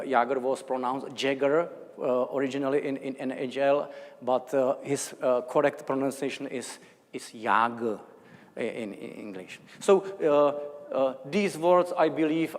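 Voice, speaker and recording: A man's voice: mid-range voice, long reverb tail. A man from the Czech Republic with a Czech accent, giving an academic lecture in a hesitant way, with many fillers and restarts. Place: large lecture hall.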